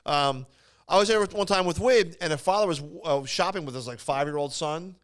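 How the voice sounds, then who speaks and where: Smooth-voiced man telling a rambling story. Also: fairly high pitch, brisk, a bit bright. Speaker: podcast co-host. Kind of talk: casual chat.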